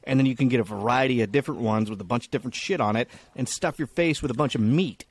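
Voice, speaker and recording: A man's voice: medium pitch, fast. Crude storytelling male podcaster. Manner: crude, storytelling, swears freely. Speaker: podcast co-host. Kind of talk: casual chat.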